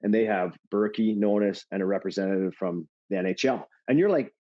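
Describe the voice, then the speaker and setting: A middle-aged man telling stories casually as a podcast guest, animated and full of fillers. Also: lowish voice, brisk. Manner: animated, laughing storyteller with many fillers. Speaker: guest, former hockey player. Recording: dull lo-fi sound.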